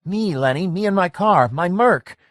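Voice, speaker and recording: A man's voice: lively intonation, moderate pace, no room sound, clean studio sound. A man voicing a haunted, desperate young man who pleads and sobs in a story reading. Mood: pleading. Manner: pleading, shrill, sobbing.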